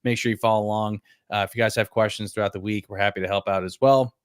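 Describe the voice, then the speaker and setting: Low voice guy hosting a live stream, upbeat, reads comments, dry sound. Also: steady tone, quick pace, clean tone, no room sound. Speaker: podcast co-host. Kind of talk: live-stream fantasy sports chat.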